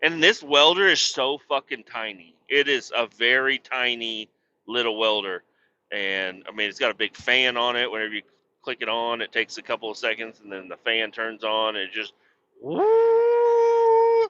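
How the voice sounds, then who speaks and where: A man's voice: medium pitch, fairly even intonation, moderate pace, sharp tone, muffled recording, a little hiss or hum. A middle-aged man hosting a podcast, rambling casually, swearing a lot and laughing at himself. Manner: profane, self-deprecating, laughs often. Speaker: podcast host.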